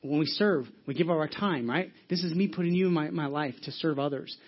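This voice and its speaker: Husky-voiced man preaching a sermon. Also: fairly high pitch, fairly quick, lo-fi sound. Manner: earnest, animated preaching with rhetorical questions. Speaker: pastor.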